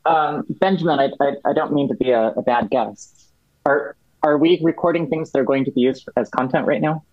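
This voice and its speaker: A man's voice: medium pitch, no room sound. Male guest, explains carefully with fillers; dry, slightly muffled recording. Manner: halting, many restarts and fillers. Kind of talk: explaining policy in a podcast chat.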